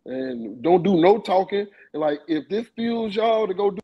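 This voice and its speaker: A husky man whose voice sits a little high. He talks in loose slang and often circles back to repeat a point. The audio is a little dull and lo-fi. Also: moderate pace. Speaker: sports podcast panelist. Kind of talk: casual sports talk.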